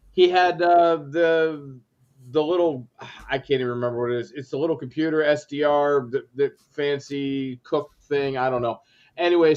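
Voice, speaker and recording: A man in a casual live-stream chat who speaks haltingly and keeps searching for words. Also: on the high side, lo-fi sound.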